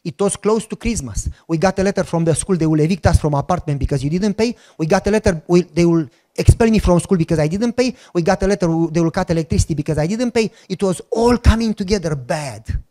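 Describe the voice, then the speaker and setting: A man preaching a personal testimony in a language that is not his first. He acts out prayers with strong emotion in a slightly high voice. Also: fast, few pauses, mellow. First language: not English. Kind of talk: sermon testimony storytelling.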